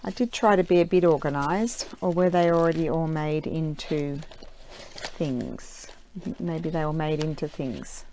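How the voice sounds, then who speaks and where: Chatty, low-voiced woman crafting at home. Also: a little slow, mellow, slight background noise. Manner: rambling, chatty, many ums and uhs. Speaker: craft vlogger. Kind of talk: casual chat while crafting. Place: room at home with window open.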